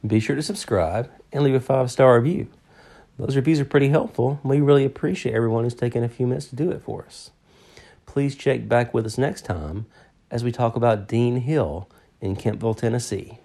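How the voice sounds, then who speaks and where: Dark, gravelly man narrating a podcast. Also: mid-range voice, fairly quick. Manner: dry, joking banter between read passages. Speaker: podcast co-host. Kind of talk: scripted narration and podcast chat.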